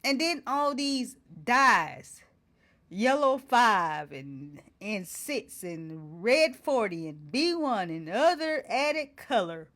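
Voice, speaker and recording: A woman's voice: a little high, very animated, slow, fairly bright tone. A woman hosting her own talk show, indignantly reading out ingredients and firing off repeated rhetorical questions. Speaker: host. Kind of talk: impassioned to-camera talk.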